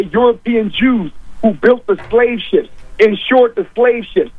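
Emphatic high-voiced man, dull dry audio. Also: dry recording. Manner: forceful, repeats key points for emphasis. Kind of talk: emphatic talk-show argument.

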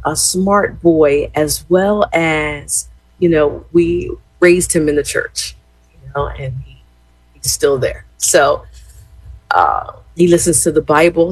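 A woman's voice: deep voice, breathy edge, no echo, poor audio. A woman in her fifties telling a rambling family story to her viewers, chatty, with lots of fillers and "y'all". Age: 50s. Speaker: former gospel radio host.

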